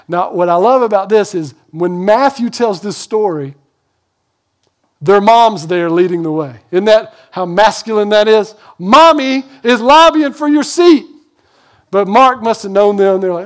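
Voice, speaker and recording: A man preaching a sermon as pastor, conversational and animated, acting out bits of dialogue. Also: high voice, normal speed.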